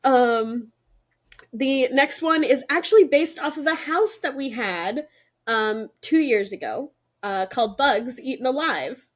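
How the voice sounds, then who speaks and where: Young woman co-host, eager and chatty, fairly high voice, casual podcast talk. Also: measured pace. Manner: excited, chatty, many fillers. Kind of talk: casual chat.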